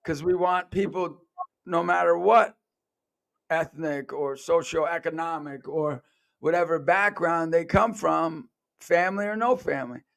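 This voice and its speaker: A man's voice: fairly high pitch, unhurried, vocal fry, a bit bright. A man hosting a podcast, telling personal stories in an earnest, conversational way and acting out the voices of the people he quotes. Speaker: podcast host.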